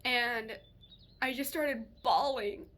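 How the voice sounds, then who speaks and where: A young woman vlogger telling a personal story in a chatty, animated way, swearing freely and laughing as she goes. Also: on the high side, takes it slowly. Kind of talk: casual storytelling to camera.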